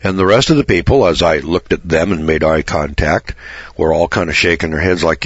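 A man telling a story in a sermon, folksy and stammering, restarting phrases and often clearing his throat. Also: low-pitched, brisk, no room sound, muffled recording.

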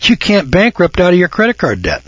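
In a dull, dry, lo-fi radio recording, an older American host gives a casual monologue in a high voice whose pitch swoops wildly. He speaks briskly with a fairly bright, breathy tone, folksy and emphatic, repeating words as he builds his points and mocking callers loudly.

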